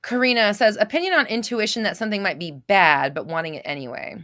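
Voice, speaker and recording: A woman's voice: medium pitch, lively intonation, quick pace, fairly bright tone. A woman hosting a casual live question-and-answer stream, reading viewer comments aloud and answering in a blunt, profane way.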